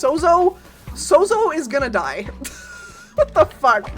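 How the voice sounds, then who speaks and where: Speaking slowly in a high voice with frequent pauses, a woman plays a game on stream and chats loosely with her viewers. Game music runs under her talk as she giggles, says hello to chat, and curses often.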